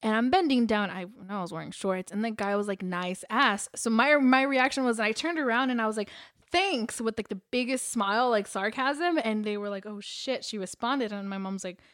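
A young woman co-hosting a casual podcast, telling stories with lively, sarcastic quoted asides. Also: fairly high pitch, brisk, few pauses, no echo, studio quality. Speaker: podcast co-host. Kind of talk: casual chat.

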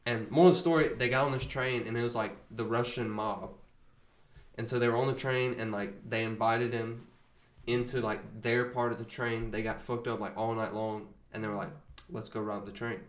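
A man's voice: medium pitch, normal speed. A man telling a funny story in casual chat, full of fillers. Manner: animated storyteller, laughs along, filler-heavy. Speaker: podcast guest. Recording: roomy echo.

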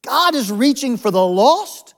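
High-pitched male pastor, chatty sermon style with jokes thrown in. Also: big pitch swings, unhurried. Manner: humorous, conversational preaching with asides.

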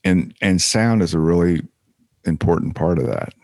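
A man co-hosting a podcast in casual chat, rambling with halting restarts. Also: low-pitched, animated, gravelly, a little mellow, no room sound. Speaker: podcast co-host.

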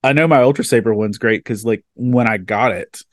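A man hosting a podcast interview, chatting casually and telling stories with animated energy. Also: medium pitch, a little fast, no room sound, clean studio sound. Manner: animated storyteller, casual and excitable. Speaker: podcast host.

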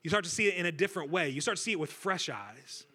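Guest preacher, man, bright forceful tone, slightly high voice, jokes with the room. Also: fast talker, breathy edge. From Centralia, Illinois. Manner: energetic, joking, talks with the crowd. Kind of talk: sermon. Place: church stage before a congregation.

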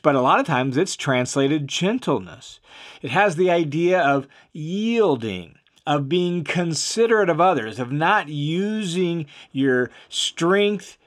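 A man teaches through a Bible passage in a plain, conversational lecture. His voice sits a little higher than most men's. He pauses on fillers and restarts, then presses hard on the words that matter. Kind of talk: explanatory Bible lesson.

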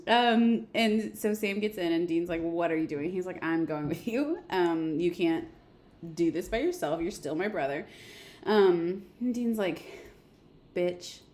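A young woman co-hosting a casual chat, acting out both sides of a TV scene in an expressive storytelling way. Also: on the low side, a little slow. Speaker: podcast co-host. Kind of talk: casual chat recapping a TV episode.

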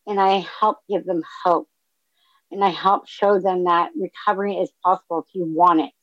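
A woman's voice: lowish voice, steady tone, moderate pace, fairly bright tone, dry recording, highs cut off. Earnest woman sharing her recovery story. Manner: earnest, open and emotional, with frequent ums. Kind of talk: personal testimony to a group.

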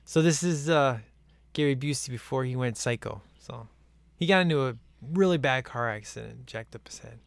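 A man's voice: medium pitch, moderate pace, vocal fry, dry recording. A man in casual, rambling chat as he watches a film at home, laughing often. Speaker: movie commentary viewer.

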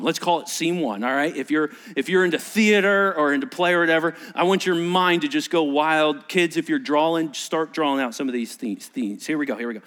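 A middle-aged man, a pastor, preaches a sermon with animation, acting out the voices of characters in the story and frequently repeating himself. His voice is a little high.

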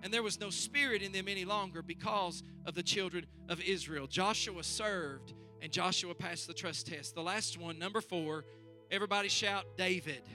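A man preaching a sermon as pastor, building to loud, fervent calls and asking the congregation to answer back. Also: high voice, normal speed, faint music behind. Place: church service.

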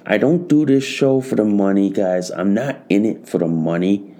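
A man's voice: lowish voice, normal speed, mellow. A man hosting a solo podcast, talking to his listeners as "guys" and repeating his phrases with lots of swearing. He sounds tired. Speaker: podcast host.

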